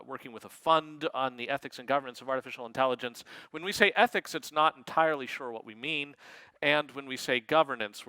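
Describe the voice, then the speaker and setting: A man lecturing in a wry, digressive manner, tossing in quick asides. His voice is bright and crisp, sitting a little high, and the sound is close and dry. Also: dry recording, rough recording. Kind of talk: lecture talk.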